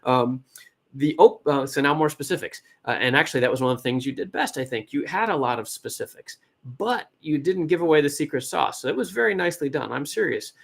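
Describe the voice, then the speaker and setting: A man's voice: a little high, expressive, brisk, creaky, a bit bright. Chatty American man giving feedback. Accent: West Coast American. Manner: chatty, encouraging, self-interrupting. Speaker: startup advisor and event host. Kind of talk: casual pitch feedback.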